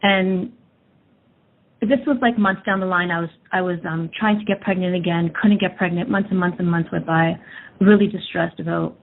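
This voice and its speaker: A woman's voice: on the low side, steady tone, moderate pace, vocal fry. A woman in her thirties telling a personal story in a candid, casual way with lots of fillers. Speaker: energy work practitioner. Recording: tinny phone-like audio.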